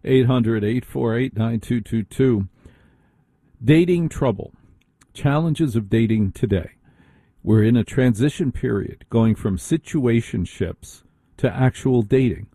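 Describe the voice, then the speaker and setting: A male talk-radio host speaks bluntly in a relaxed, conversational way. His voice is very dark and mellow. The sound is dry and close to the mic. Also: mid-range voice, slightly rough, no room sound.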